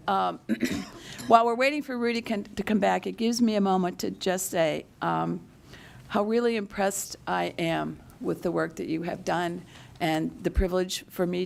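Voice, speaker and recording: A woman chairing a committee meeting, thanking members with many halting restarts. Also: on the low side, fairly even intonation, gravelly. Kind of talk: formal meeting remarks. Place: meeting room.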